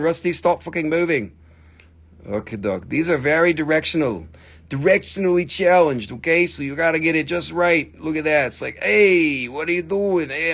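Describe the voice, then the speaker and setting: An animated American man hosts a live rock sale with a slightly high voice. He talks casually, swears freely, and keeps the banter loose and jokey. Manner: animated, swears, slips into silly put-on voices. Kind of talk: casual live sales stream.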